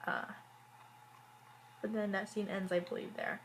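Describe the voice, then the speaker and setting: A woman's voice: medium pitch, level tone, unhurried, creaky, a little hiss or hum, low-quality recording. A woman reviewing a TV episode in a casual vlog, rambling with many "like"s and fillers and wry, exasperated asides. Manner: rambling, heavy use of "like" and fillers. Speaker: TV show reviewer.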